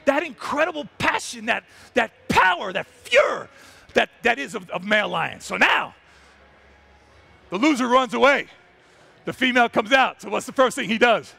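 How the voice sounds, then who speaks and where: A man's voice: very high voice, lively intonation, normal speed, gravelly, bright, forceful tone, breathy edge. A man telling a wildlife story on a trade show stage, exuberant and acting out the animals. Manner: exuberant, breaks into character voices. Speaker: wildlife photographer giving a stage talk.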